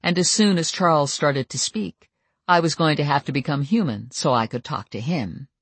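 Audiobook narrator, mid-pitched, steady storytelling, dry close recording. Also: normal speed, husky, no echo.

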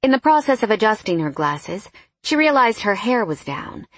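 A woman narrating a novel in a steady, scripted reading style on a close studio mic. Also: medium pitch, moderate pace, no room sound. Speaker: audiobook narrator.

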